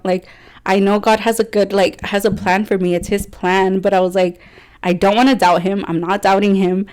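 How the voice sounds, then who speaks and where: A woman's voice: mid-range voice, fairly even intonation, moderate pace, a little mellow. A young woman co-hosting a faith podcast, chatting casually with a rambling flow, frequent laughs and lots of "like" fillers. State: teary at moments. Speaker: podcast co-host. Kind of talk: casual chat.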